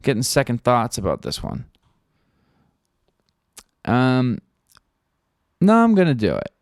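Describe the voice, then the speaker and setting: A man's voice: mid-range voice, huge pitch swings, takes it slowly, no echo. A man hosting a podcast, rambling casually in a studio, swearing freely and leaning on fillers. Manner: rambling, profane, full of fillers. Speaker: podcast host.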